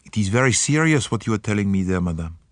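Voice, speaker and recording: A man voicing a fastidious, shrewd older detective in an audiobook, speaking formally, precisely and methodically. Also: on the low side, lively intonation, no room sound, clean studio sound, lightly acted. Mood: measured.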